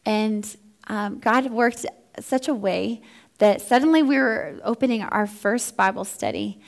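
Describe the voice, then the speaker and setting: The founder of a ministry for first responder families, a woman in her thirties, offers a heartfelt, earnest testimony. Her voice is mid-range and gravelly, her pace unhurried, and she voices the dialogue she quotes.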